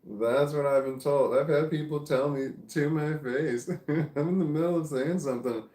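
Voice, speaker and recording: A Midwestern man with a Midwestern accent, high and tired, reading chat messages aloud on a casual livestream, mumbling and breaking into laughter. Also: moderate pace, warm tone, roomy sound. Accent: American Midwestern. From American Midwest.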